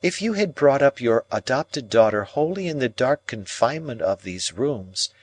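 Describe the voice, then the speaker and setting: A man reading an audiobook voices a cold, proud young woman with a measured, coolly reasoning delivery. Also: mid-range voice, sing-song, voice pushed up. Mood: musing.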